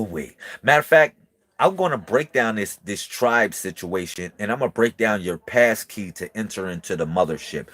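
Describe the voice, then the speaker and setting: A man talking casually to his viewers, excitable and slangy, repeating himself and swinging from loud bursts to quiet murmurs. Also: lowish voice, no room sound. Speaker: video creator.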